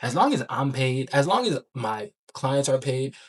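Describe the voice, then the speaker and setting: A man talking in a casual daily vlog about his coaching work, excited and rambling, full of slang and filler words. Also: medium pitch, normal speed, slightly rough. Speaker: online business coach.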